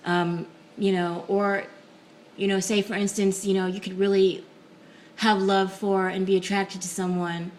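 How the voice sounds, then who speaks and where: A woman talking softly and casually to camera in a home video blog, with frequent ums and pauses. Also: mid-range voice, level tone, slight background noise, low-quality recording. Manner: soft-spoken, many ums and pauses. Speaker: vlogger. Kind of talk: casual reflective talk to camera.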